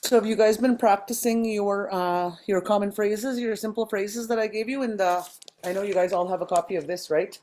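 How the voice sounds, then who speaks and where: A woman teaching a language class over a video call, explaining step by step with frequent pauses and ums. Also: mid-range voice, darkish tone.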